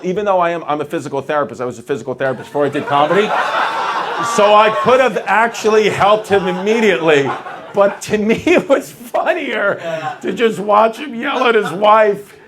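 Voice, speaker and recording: A male stand-up comedian doing rambling, self-mocking crowd work on a club stage. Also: sits high. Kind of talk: stand-up set. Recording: audience laughter throughout.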